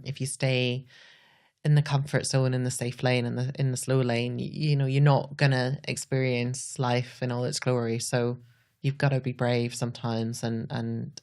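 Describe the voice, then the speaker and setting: A woman's voice: rumbling low, vocal fry, darkish tone. A Scottish woman, a podcast guest, talking earnestly and reflectively, often saying "like". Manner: earnest, says "like" a lot.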